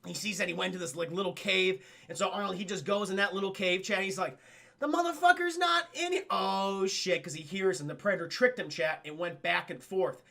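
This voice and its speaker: A man streaming a casual film recap, animated and profane, often talking to his chat. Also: high voice, a little fast, creaky, hardly any pauses.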